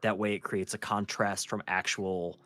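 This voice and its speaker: A man who narrates horror stories, calmly explaining his habits as a guest in a casual podcast chat. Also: fairly low pitch, soft background music. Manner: measured, explanatory, soft projected delivery.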